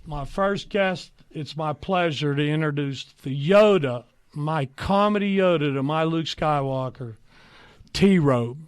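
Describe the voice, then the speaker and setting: A young man hosting a comedy podcast, joking and sentimental in quick banter. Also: fairly high pitch, clean tone, no room sound, studio quality. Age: young adult. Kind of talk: casual chat.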